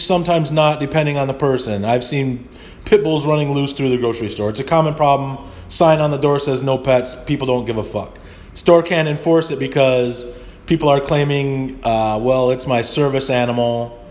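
A man's voice: medium pitch, darkish tone. A middle-aged man hosting a podcast, delivering a blunt, profanity-laced casual monologue that builds into rants. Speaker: podcast host.

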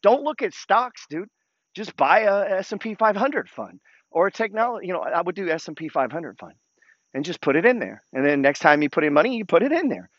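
A man's voice: high voice, lively intonation, a little fast, a bit bright, no room sound, lo-fi sound. A man hosting a casual investing talk, blunt and coach-like, swearing freely as he urges listeners on. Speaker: host.

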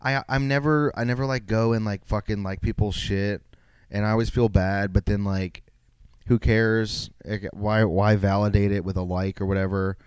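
A man's voice: lowish voice, fairly even intonation, normal speed, darkish tone, clean tone, no room sound. A young man hosting a solo podcast, rambling casually with lots of swearing and self-mocking asides. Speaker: podcast host.

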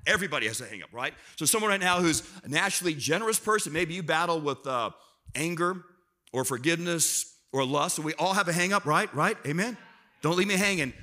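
Guest preacher, a man with a somewhat high, bright voice, joking with the congregation and calling for answers. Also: fast. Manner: lively, self-deprecating, talks to the crowd and prompts responses. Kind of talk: sermon to a church congregation. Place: church auditorium.

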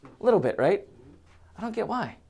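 Man preaching a sermon, loud then soft. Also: big pitch swings, brisk, gravelly, husky. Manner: swings from loud emphatic preaching to quiet low musing; hesitant, many fillers and restarts.

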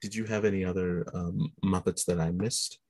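A man's voice: deep voice, steady tone, normal speed, dark tone, husky, dry recording. A man hosting a casual chat podcast, chatty, laughing often and slipping into character voices. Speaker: podcast host.

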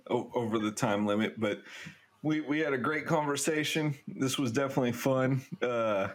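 A man's voice: mid-range voice, moderate pace. A young man from California hosting a casual remote podcast chat, laid-back and joking. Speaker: podcast host. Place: home, recorded remotely.

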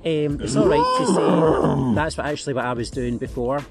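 A man's voice: medium pitch, wildly swooping pitch, moderate pace, over loud music. A man, a podcast guest, talking bluntly and rambling in casual chat, with frequent laughs and restarts.

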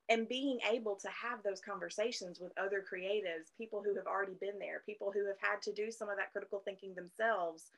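A woman's voice: mid-range voice, gravelly, fairly bright tone, poor audio. A woman co-hosting a podcast, explaining plans in an earnest, conversational way. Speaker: podcast co-host. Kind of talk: casual podcast chat.

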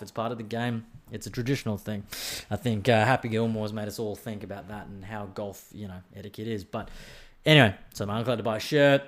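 A young man with an Australian accent telling a rambling, sweary story in a casual podcast chat, acting out bits of dialogue. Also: lowish voice. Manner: rambling, sweary, animated storytelling with acted-out quotes.

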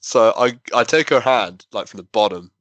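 A man's voice: lowish voice, lively intonation, normal speed, fairly bright tone, dry recording. A man telling a rambling, self-deprecating story in a casual chat. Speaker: podcast co-host.

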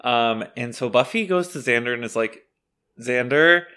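A man's voice: medium pitch, animated, a little fast, fairly bright tone. A man co-hosting a podcast, recapping a TV episode in rambling casual chat with lots of fillers and laughter. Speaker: podcast co-host.

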